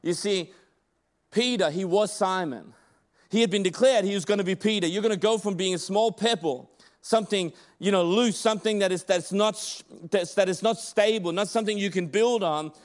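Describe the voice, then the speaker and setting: Male preacher, high voice, emphatic conversational sermon delivery with restarts. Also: moderate pace.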